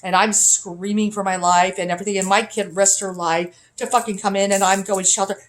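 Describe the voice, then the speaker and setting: A woman vlogger rants straight to camera in a rambling, unscripted way. Her talk is profane and accusatory, at a middling pitch for a woman, recorded in a hotel room. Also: steady tone, a little fast.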